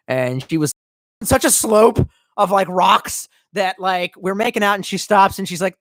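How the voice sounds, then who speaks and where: A man's voice: high-pitched, expressive, normal speed, a bit bright, dry recording. A young man streaming, telling a long rambling story in casual, profane talk.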